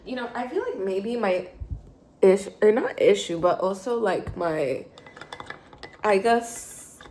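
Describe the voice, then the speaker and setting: A woman's voice: medium pitch, sing-song, takes it slowly, background noise. A tired, hungover woman in her twenties chatting casually while she makes coffee at home, rambling with lots of fillers and self-corrections. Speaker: vlogger. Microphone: phone held low.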